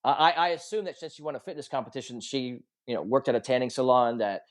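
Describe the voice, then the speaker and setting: A man's voice: medium pitch, fast talker. Earnest man telling a confessional story. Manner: earnest, confessional storytelling with lively quoted dialogue. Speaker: podcast guest, coach and author. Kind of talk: storytelling in a podcast interview.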